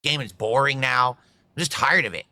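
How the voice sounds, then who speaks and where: A man's voice: medium pitch, moderate pace, pushed and bright, no room sound, clean studio sound. A man streaming and complaining about viewers in a whiny, aggrieved, repetitive way. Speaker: streamer in a played clip.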